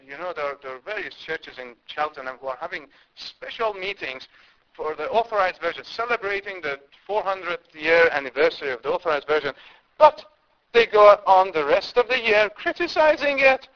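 A man's voice: high voice, animated, moderate pace. A man from India preaching a sermon, impassioned, with emphatic rises and repeated words. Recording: dull lo-fi recording.

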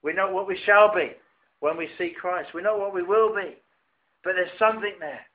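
A man's voice: high voice, moderate pace. A man preaching a sermon, often restarting and rising to emphatic phrases. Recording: tinny phone-like recording.

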